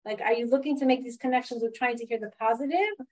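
A woman's voice: a little high, fast talker, a little mellow. A woman in her thirties teaching a class in a chatty way, often asking the group questions. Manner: conversational, asks the class questions. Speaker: Torah teacher. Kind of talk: informal class talk to a group. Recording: dull lo-fi class recording.

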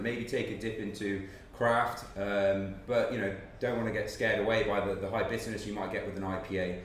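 A man talking about beer as a brand guest on a podcast, explaining in detail with many fillers, recorded in a pub. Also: lowish voice. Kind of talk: casual podcast chat. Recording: roomy pub with faint background noise.

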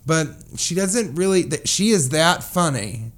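A man's voice: on the high side, animated, unhurried. A man co-hosting a casual comedy podcast, rambling through a funny story and riffing on words. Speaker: podcast co-host.

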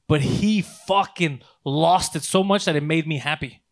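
A man telling a long story in casual podcast chat, swearing often and acting out the people in it. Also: a little high. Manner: fast, profane, animated storytelling. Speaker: podcast host.

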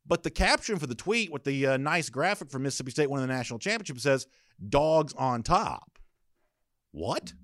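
A man's voice: mid-range voice, expressive, quick pace, hardly any pauses, fairly bright tone, no room sound, clean studio sound. Opinionated man talking college sports. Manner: opinionated, conversational, with frequent fillers. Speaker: sports podcast host. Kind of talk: casual sports commentary.

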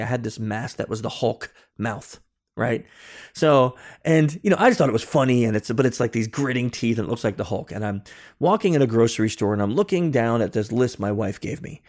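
A middle-aged man as a podcast guest, telling lively anecdotes and explaining them step by step in a casual way. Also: medium pitch. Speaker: guest, security consultant and author. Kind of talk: casual interview storytelling.

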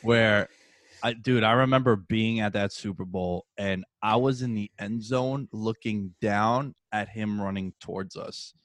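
A man in his early thirties hosts a casual sports chat, telling stories with lively energy and plenty of swearing. His voice sits a bit low and sounds dry and close to the mic. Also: unhurried, no echo. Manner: animated storytelling, swears and says dude. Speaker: sports podcast host.

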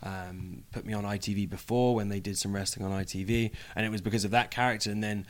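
A young British man talking casually as an interview guest, joking and pausing often with "um". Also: lowish voice, steady tone. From United Kingdom. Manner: chatty, jokey, many "um" pauses.

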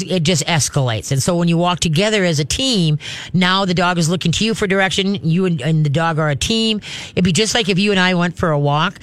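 High-voiced chatty radio dog trainer man. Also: a bit bright. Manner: folksy, chatty, instructive. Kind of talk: call-in radio advice.

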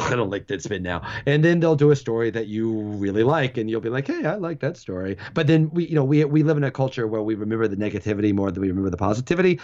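A middle-aged man speaks as an interview guest in a loose, animated way, laughing often and restarting his sentences. His voice sits mid-range. The recording sounds slightly dull and lo-fi. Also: mid-range voice. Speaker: guest, former sports website founder. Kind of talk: casual interview talk. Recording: dull lo-fi audio.

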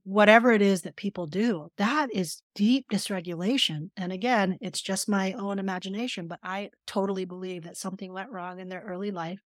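A woman's voice: mid-range voice, fairly quick, few pauses, no echo, clean studio sound. A middle-aged woman therapist speaking earnestly and emphatically as a podcast guest, telling stories and explaining. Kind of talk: conversational podcast interview.

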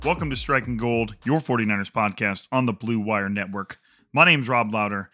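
Bright-voiced male sports podcast host. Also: lowish voice, soft background music. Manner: quick, chatty, digressive with fillers. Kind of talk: casual sports podcast talk.

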